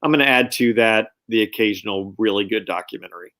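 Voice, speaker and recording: A man from the Southeast United States, a financial adviser, chatting as a guest on a live video call and pausing often with fillers. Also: lowish voice, fairly bright tone. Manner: hesitant, many fillers when listing. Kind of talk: casual video-call chat.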